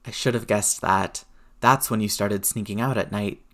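A man's voice: fairly low pitch, steady tone, normal speed, fairly bright tone, close to an everyday voice. A man reading aloud who voices a blunt, swearing, grieving middle-aged aunt comforting her nephew in a storybook reading. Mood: bewildered hurt.

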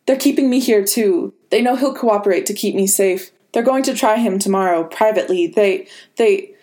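A woman voicing a fierce, protective middle-aged aunt who speaks in a sharp, urgent way. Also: mid-range voice, normal speed, natural voice. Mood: furious pleading.

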